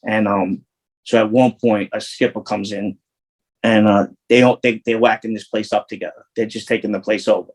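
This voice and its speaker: A man's voice: fairly low pitch, little pitch movement, normal speed, low-quality recording. Profane New man telling stories. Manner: rambling, profane street talk with many restarts. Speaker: interview guest. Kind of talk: casual storytelling.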